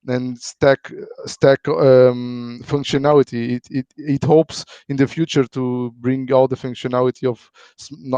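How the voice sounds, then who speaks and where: A man talking casually on a live stream, halting and full of fillers and repeated words. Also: medium pitch, a little mellow, clear, resonant tone, no room sound. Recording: dry, dull lo-fi audio.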